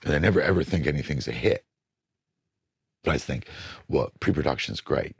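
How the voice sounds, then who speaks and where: A middle-aged record producer being interviewed, telling blunt studio stories and acting out moments from sessions. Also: male voice, extremely low pitch, moderate pace, gravelly, slightly rough, dry recording. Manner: animated, blunt storytelling that acts out studio moments.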